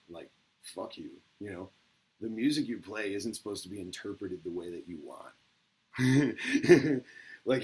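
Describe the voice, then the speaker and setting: A man talking casually to the camera in a rambling, profane way. He gets excited at times and drops into a mumble at others. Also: sits low, breathy edge, rough recording.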